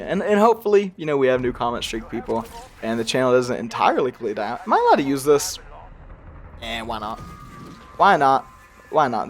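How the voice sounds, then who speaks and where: A young man with a slight accent he tries to hide, giving casual gameplay commentary in a rambling, self-deprecating way with frequent laughs. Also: medium pitch. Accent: slight regional accent he tries to hide. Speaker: gaming youtuber.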